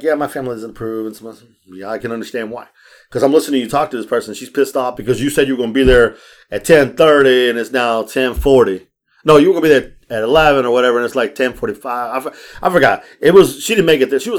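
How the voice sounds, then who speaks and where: A man hosting a casual podcast, telling stories in an animated way, acting out the voices of people he quotes and swearing freely. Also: mid-range voice, fast talker. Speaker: podcast host. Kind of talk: casual storytelling chat.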